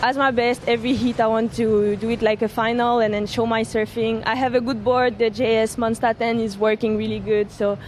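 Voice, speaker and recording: A young female surfer from French Polynesia speaks with a French accent in a fairly high, flat voice. Her answers are short and halting, with faint outdoor noise around her. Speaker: pro surfer.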